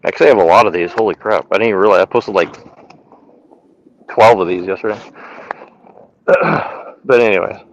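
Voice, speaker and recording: A man's voice: on the low side, fairly quick, gravelly, pauses often, dull audio. Offhand joking man chatting. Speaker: podcast co-host. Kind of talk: casual chat, reading his own poems aloud.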